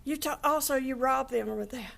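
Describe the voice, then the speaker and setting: A woman's voice: sits high, moderate pace, gravelly. An older woman giving an angry, impassioned statement in a courtroom, swearing and with her voice breaking into tears. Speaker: victim's family member giving an impact statement.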